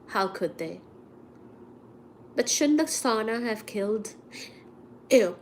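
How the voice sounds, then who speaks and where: Her fairly high-pitched voice carries a chatty, indignant tale told live to viewers, complete with acted-out quotes. The vlogger has a cold and coughs, and there's slight background noise.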